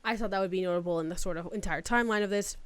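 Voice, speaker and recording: Woman narrating commentary, crisp and dry. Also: medium pitch, racing, no room sound. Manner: casual, summarizing with fillers like "like". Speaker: commentary video host.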